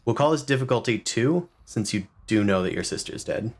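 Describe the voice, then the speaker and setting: A man's voice: on the low side, animated, a little fast, slightly rough. A man acting as game master, loosely describing scenes and making rules calls. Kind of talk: running a tabletop game.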